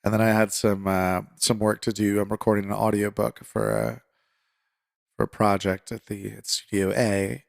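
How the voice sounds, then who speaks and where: A man hosting a political commentary podcast, talking conversationally and getting fired up, then settling into calm reassurance. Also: lowish voice, moderate pace, gravelly, no room sound, clean studio sound. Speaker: podcast host.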